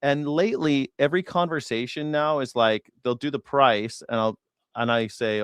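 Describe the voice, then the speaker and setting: A man's voice: mid-range voice, fairly quick, smooth, no room sound. Dry-voiced man rambling, profane host. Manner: rambling and profane, with sarcastic asides. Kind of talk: casual news reaction chat.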